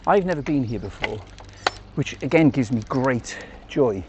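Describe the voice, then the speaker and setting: A man's voice: medium pitch, animated, a little slow, background noise. A man with an English accent vlogging to camera while cycling on country roads, chatty and rambling with jokey asides. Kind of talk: casual talk to camera while riding. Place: outdoors on country roads on a bike.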